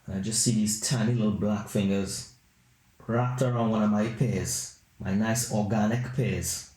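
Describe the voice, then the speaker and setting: A man's voice: lowish voice, measured pace. Rambling man telling comic stories. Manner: rambling, animated anecdotes. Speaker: podcast host. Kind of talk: comedic storytelling. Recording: roomy echo.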